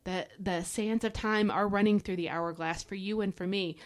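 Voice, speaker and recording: A woman's voice: medium pitch, steady tone, normal speed. Fervent woman preaching on a podcast. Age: adult parent. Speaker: podcast host. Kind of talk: devotional Bible teaching podcast.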